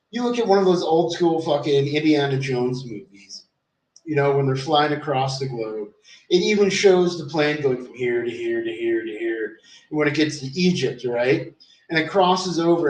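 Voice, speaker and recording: A man's voice: medium pitch, darkish tone, distant mic. A man streaming alone, telling a long rambling story, swearing often and restarting his sentences. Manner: rambling, profane, many fillers and restarts. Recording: roomy sound, off the mic.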